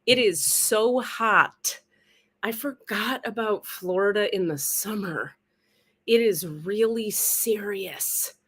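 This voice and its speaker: A woman's voice: medium pitch, slow, fairly bright tone, breathy edge. A woman from California hosting her own live stream, chatting casually in a playful, profane, self-mocking way from a rented home. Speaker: livestream spiritual host. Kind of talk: casual livestream chat.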